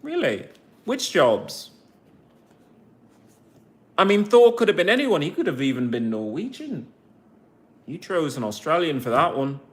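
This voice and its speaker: A man's voice: on the high side, sing-song, moderate pace, a bit bright. Chatty man with an English accent. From United States. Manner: chatty and sarcastic, with teasing asides. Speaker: streamer talking to his viewers. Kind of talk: casual chat, replying to viewers.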